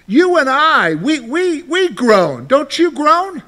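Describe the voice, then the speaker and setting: Animated high-voiced male preacher. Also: slow. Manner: animated, asks the congregation rhetorical questions. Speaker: pastor. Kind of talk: sermon.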